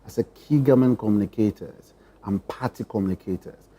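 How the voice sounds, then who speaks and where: A man speaks on a TV panel. His voice is low, very dark and husky. He talks in formal, carefully weighed phrases with measured pauses. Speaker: political panelist. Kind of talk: panel discussion.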